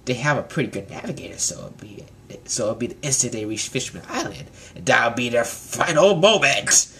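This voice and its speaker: A man's voice: mid-range voice, very animated, a little fast, creaky, a bit bright. A man voicing a scheming male pirate villain who gloats in a monologue and drops into whispers. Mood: gloating scheming.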